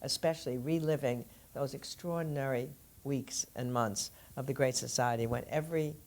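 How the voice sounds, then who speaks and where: A woman's voice: a bass voice, normal speed, darkish tone. An older woman, an author being interviewed, who tells stories fluently in conversation and laughs easily. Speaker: author guest.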